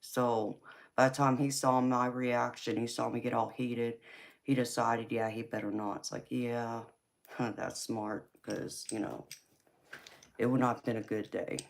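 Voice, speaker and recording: A woman hosting a live stream, casually telling a personal story in an animated way, swearing freely and laughing as she talks. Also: rumbling low, unhurried, vocal fry. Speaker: tarot reader and live stream host.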